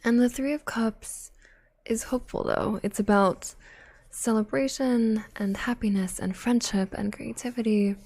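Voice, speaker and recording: A young woman streaming tarot readings in a soft-spoken ASMR voice, slipping into whispers and giggling with chat, close on the mic. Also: a little high, fairly even intonation, measured pace, no room sound.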